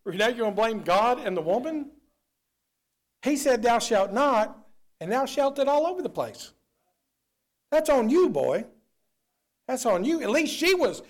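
Animated high-voiced preacher. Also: male voice, unhurried, pauses often. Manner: animated preaching, swings from loud to low. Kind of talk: sermon.

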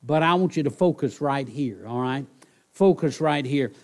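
A man's voice: medium pitch, lively intonation, moderate pace. A male pastor giving a sermon in a conversational, pleading manner, often checking in with the congregation. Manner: conversational, repeats "all right?" to the congregation; soft pleading delivery with bursts of emphasis.

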